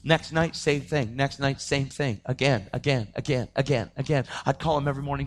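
A man giving a testimony sermon in casual slang, acting out the voices he quotes and sometimes breaking into shouts. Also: mid-range voice, a little fast, hardly any pauses. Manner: animated, acts out quoted voices, slips into shouts; casual slang, calls listeners dude. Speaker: preacher giving his testimony.

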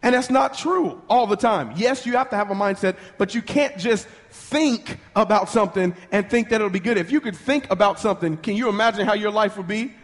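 A high-pitched man delivers a fervent sermon, rallying the crowd in call-and-response. He speaks in quick bursts, stumbling and restarting as his excitement builds. His voice rings out with the long reverb of a large hall. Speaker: preacher.

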